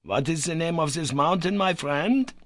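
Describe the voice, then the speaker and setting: A man voicing a proud, excitable elderly male professor with raised, emphatic questions. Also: mid-range voice, moderate pace, no echo, pitched above the performer's own voice.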